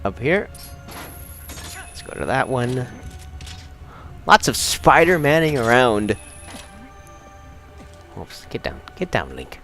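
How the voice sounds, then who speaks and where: Brief: excitable young male let's-player, very animated pitch, game music faintly underneath. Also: slow, long pauses. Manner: excitable, chatty, rambling with restarts. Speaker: let's play host. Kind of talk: casual gameplay commentary.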